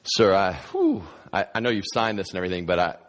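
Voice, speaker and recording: A man's voice: low voice, huge pitch swings, fast, voice pushed down. A man doing a flustered pleading seller. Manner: flustered, stammering, urgent.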